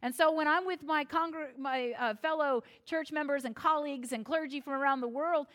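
High-voiced woman preaching a lively sermon. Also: normal speed. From United States. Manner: expressive, self-deprecating humor, acts out quoted voices. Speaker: pastor.

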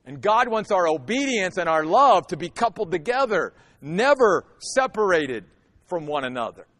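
A man's voice: high voice, very animated, normal speed, fairly bright tone. A pastor preaching a sermon to his congregation, earnest and at times emphatic.

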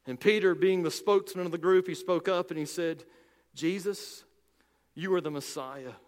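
A male pastor preaching a sermon with emphasis, slowing down and dropping low on key phrases. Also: a little mellow, big-room sound.

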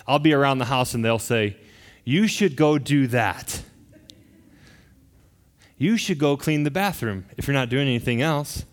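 A middle-aged man preaches with earnest emphasis, pressing his points and often restarting a phrase. His voice sits a little high for a man. It rings with a long reverb through a church hall. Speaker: pastor. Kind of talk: sermon.

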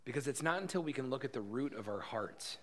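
A man preaching a sermon in church, earnest and repeating his key phrases, growing loud and lively when he jokes with the congregation. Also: mid-range voice, quick pace. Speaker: pastor.

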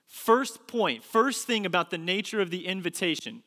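A man in his thirties preaching a sermon in a church, stressing key words by repeating them slowly. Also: sits high, lively intonation, bright, forceful tone. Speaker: pastor. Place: church sanctuary. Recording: long reverb of a large hall.

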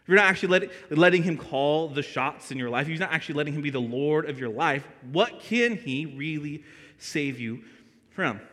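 A young adult man preaching a sermon as a pastor, telling a story with lively energy and asking the congregation questions. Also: a little high, normal speed. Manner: animated storytelling, asks the room questions. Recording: long reverb of a church hall.

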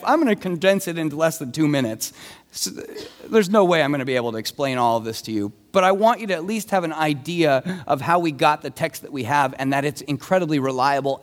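A young male pastor preaching with a high, lively voice that climbs and dips as he acts out his story. His talk rings with the long echo of a large hall. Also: a little fast. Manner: animated storytelling, acting out voices of scribes. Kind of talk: sermon.

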